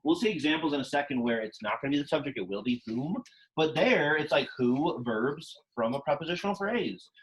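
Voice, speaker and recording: A man's voice: on the high side, lively intonation, brisk, rough recording. Casual man teaching Latin. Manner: casual, chatty, asks the class questions. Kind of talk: classroom lecture. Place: classroom.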